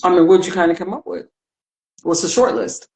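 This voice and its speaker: A woman's voice: fairly low pitch, brisk, creaky, darkish tone. A woman co-hosting a casual live-stream chat, leading the talk with playful, dry humor. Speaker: co-host.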